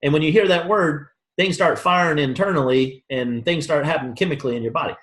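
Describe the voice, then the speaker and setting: A fast-talking man with a voice on the high side leads a motivational sales training session for a room. His stories are animated, with him acting out both people in each exchange. It's recorded with a roomy echo.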